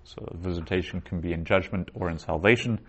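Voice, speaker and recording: A man teaching a recorded Biblical Hebrew grammar lesson, explaining patiently and reading phrases aloud slowly. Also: sits low, fairly bright tone, breathy edge.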